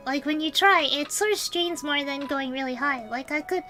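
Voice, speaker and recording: A woman streams a relaxed chat, her voice high and bright as she rambles and giggles through replies to viewers. Faint music plays underneath. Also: normal speed, rough recording. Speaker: VTuber streamer. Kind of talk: casual livestream chat.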